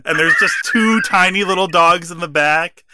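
A man co-hosting a wrestling podcast, chatting casually, laughing often and acting out quotes with animated bursts. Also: high voice, normal speed, very noisy. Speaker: podcast co-host.

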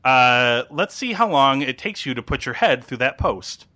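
A man's voice: medium pitch, animated, moderate pace, pushed and bright. A man voicing a cruel male villain who gives orders in an offhand, mocking way. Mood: smug. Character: smug, cruel male villain giving casual commands.

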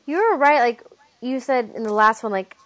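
Woman, casual trailer chat, blunt, sarcastic, swears, bright high voice, very lively pitch. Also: normal speed. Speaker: co-host reacting to movie trailers.

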